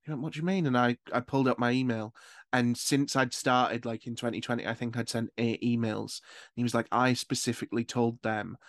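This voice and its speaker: Candid podcast host, dry sound. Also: male voice, mid-range voice, fairly even intonation, a little fast, dry recording. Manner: candid, swears, gossipy. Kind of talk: casual chat.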